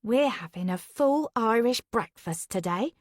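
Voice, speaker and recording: A woman's voice: on the high side, animated, no echo, studio quality. A woman voicing a cheery, bantering woman cooking breakfast, in a whispered role-play reading. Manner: brisk and friendly.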